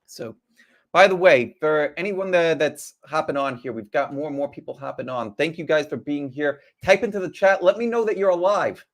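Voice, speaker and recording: A man's voice: fairly high pitch, expressive, normal speed. A man hosting a live trading stream, chatty and casual, asking rhetorical questions and greeting viewers as they join.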